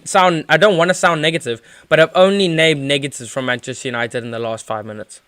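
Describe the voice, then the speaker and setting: A man's voice: a little high, a little fast, few pauses, fairly bright tone, smooth, no echo, studio quality. A man giving rambling live play-by-play as a football fan streamer, with lots of fillers and restarts. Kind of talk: live watchalong match commentary.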